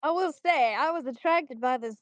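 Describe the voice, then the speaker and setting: A woman's voice: sits high, normal speed, no echo, close to an everyday voice. A woman voicing a cocky, show-off male adventurer in a playful, boastful way.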